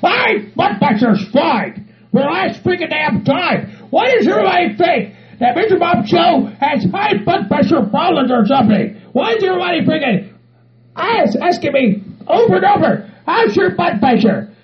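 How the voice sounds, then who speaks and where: Casting: man playing a high, yelling hillbilly hothead, forever cursing and outraged; muffled track, crowd noise behind. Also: very animated, moderate pace. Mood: furious ranting. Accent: Southern US put on. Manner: shouting, cursing, ranting. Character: loud hot-tempered hillbilly man, middle-aged.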